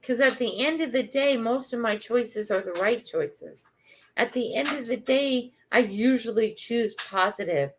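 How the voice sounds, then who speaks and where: An older woman hosting a morning livestream, telling a funny story in a chatty, animated way. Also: fairly high pitch, measured pace, slight background noise. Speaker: livestream host.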